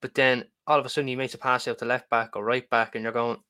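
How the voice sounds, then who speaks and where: A man's voice: mid-range voice, flat delivery, fast talker, bright, forceful tone. A man co-hosting a football podcast, chatting casually with stammered starts. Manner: chatty, stammering starts, acts out fan reactions. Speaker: podcast co-host.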